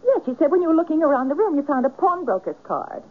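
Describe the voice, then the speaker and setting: A woman's voice: sits high, sing-song, quick pace. An actress playing a curious, insistent woman in a 1970s radio drama. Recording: narrow phone-like old radio broadcast.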